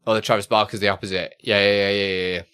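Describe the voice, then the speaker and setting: A man's voice: on the low side, little pitch movement, quick pace, bright, forceful tone, clean tone. A man chatting casually on a live stream, reading out chat questions and laughing often.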